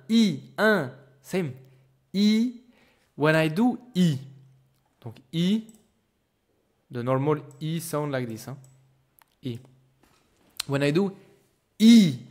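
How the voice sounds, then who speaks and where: A man teaching pronunciation, patiently exaggerating each sound for the learner. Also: fairly high pitch. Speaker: language teacher. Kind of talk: pronunciation lesson.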